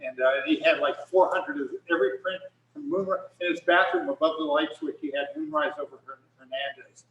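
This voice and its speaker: Animated man telling photography stories. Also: on the high side, a little fast, few pauses, far from the mic, muffled recording. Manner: animated, rambling with many restarts. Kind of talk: casual storytelling talk. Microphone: video call. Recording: echoey room, speaker off mic.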